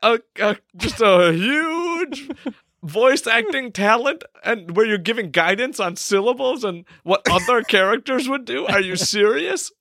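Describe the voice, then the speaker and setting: A man hosting a casual podcast, teasing his co-hosts in a quick, playful way. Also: high-pitched, expressive, sharp tone, dry recording, studio quality. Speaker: podcast host. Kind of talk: casual chat.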